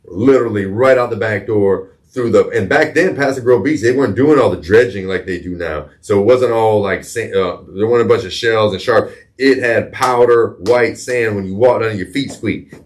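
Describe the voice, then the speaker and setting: A man's voice: fairly low pitch, moderate pace, slight background noise. A middle-aged man hosting a podcast, telling a personal story in a candid, profane way, often repeating words as he searches for them. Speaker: podcast host.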